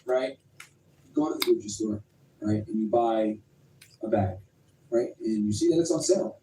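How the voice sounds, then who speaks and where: A man co-hosting a podcast, telling a scenario in a profane, animated way. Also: on the low side, normal speed, distant mic. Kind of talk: casual debate, storytelling scenario. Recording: echoey room from afar, faint noise.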